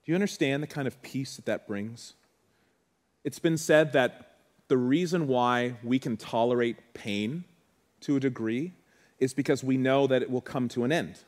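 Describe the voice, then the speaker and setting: Man, pastor, sermon, earnest and heartfelt, repeats phrases, mid-pitched voice. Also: normal speed, darkish tone. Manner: conversational asides to the congregation.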